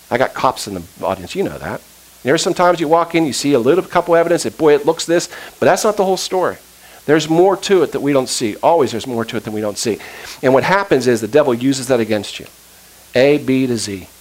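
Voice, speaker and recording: A man preaches to his congregation, retelling an old story in his own words. His voice sits at an ordinary middle pitch. He slips into quick acted-out lines and casual asides as he talks. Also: lively intonation, low-quality recording. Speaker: pastor. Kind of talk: sermon.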